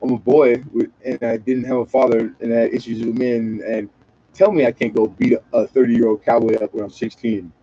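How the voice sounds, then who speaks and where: A man's voice: medium pitch, little pitch movement, brisk, mellow, breathy edge, highs cut off. A man from Southern California rambling and joking with profanity in a casual late-night livestream chat. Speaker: livestream host.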